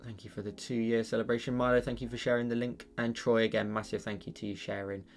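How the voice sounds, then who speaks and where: Gravelly man streaming his painting. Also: medium pitch, level tone, fast, soft background music. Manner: rambling, thinks aloud, many fillers and restarts. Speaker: digital painting livestreamer. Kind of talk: casual livestream chat while painting.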